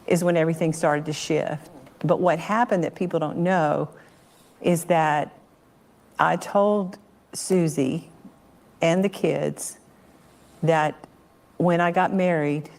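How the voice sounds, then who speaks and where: Female interviewee, low-pitched, measured and matter-of-fact. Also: steady tone, creaky, a little mellow. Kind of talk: recounting events in an interview.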